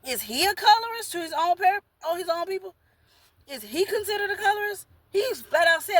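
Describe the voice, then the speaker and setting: A woman's voice: very high voice, animated, brisk, fairly bright tone. A woman vlogging in a casual monologue, talking bluntly and rambling, repeating herself while she eats. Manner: talks while eating.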